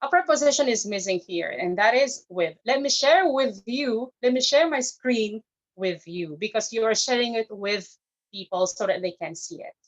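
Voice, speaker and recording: A woman's voice: on the high side, animated, moderate pace. A woman, an English speaker, giving a careful, teacherly evaluation of grammar and pronunciation at an online speech club. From Philippines. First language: not English. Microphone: video call. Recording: dull lo-fi video call audio.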